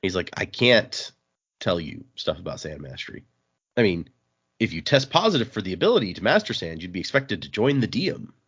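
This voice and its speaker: A man's voice: sits low, big pitch swings, brisk, fairly bright tone, slightly rough, dull audio. A man casually recapping a comic's plot on a podcast, dropping briefly into the characters' lines as he goes. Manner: summarizes plot, briefly voicing characters in quotes. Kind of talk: casual chat.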